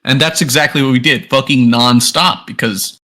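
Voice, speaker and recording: Bright-voiced joking young man. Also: mid-range voice, moderate pace. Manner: crude jokey interjections, swearing. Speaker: podcast co-host. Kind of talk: casual banter.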